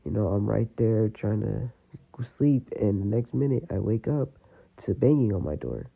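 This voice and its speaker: A man's voice: lowish voice, lively intonation, normal speed, creaky, slightly rough. A man telling a personal story in a casual, rambling way, full of fillers. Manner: rambling, full of "you know" and "like". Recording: tinny phone-like audio.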